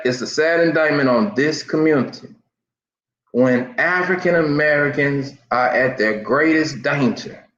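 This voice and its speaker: A man's voice: medium pitch, a bit bright. A man giving impassioned commentary as an online news host, speaking emphatically and often restarting his sentences. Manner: repetitive, emphatic, stammering restarts. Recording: roomy, dull lo-fi sound.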